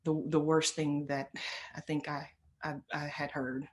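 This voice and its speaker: A woman's voice: deep voice, level tone, measured pace, a little mellow. A middle-aged woman telling a personal story as a motivational speaker, earnest and emphatic, often repeating phrases for weight.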